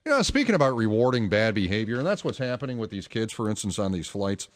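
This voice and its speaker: A man's voice: on the low side, big pitch swings, fast talker, big-room sound. A male radio talk show host giving opinionated, emphatic commentary and taking calls. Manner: opinionated, emphatic, rhetorical questions. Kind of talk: talk radio monologue and call-in.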